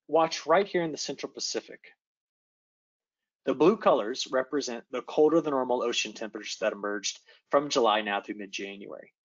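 A man, an atmospheric scientist, giving an animated forecast presentation in a virtual meeting, often checking in with his audience. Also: medium pitch, highs cut off. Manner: animated, engaging, addresses audience with quick checks. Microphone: video call.

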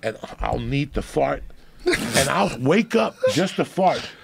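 A man in his fifties from New Jersey tells crude stories in casual podcast chat. His voice is heavily gravelly and full of fry, with a swooping, animated pitch, and he talks loudly and profanely. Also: slow, a little hiss or hum. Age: 50s. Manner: loud, profane, animated storytelling. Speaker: podcast guest.

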